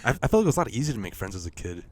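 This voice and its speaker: Low-voiced young man joking hesitantly. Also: sing-song, rapid-fire. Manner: joking, hesitant, swears freely. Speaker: podcast co-host. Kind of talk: casual chat.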